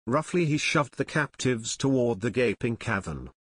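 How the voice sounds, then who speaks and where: A man narrating an unabridged audiobook in a steady storytelling manner. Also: mid-range voice, normal speed, breathy edge, no room sound, clean studio sound. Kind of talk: scripted narration.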